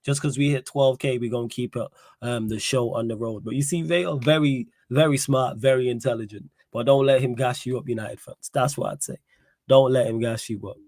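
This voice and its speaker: A man hosting a casual football livestream, reading chat messages and pressing his co-host with pointed questions in lively street slang. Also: mid-range voice, brisk, dry recording, clean studio sound.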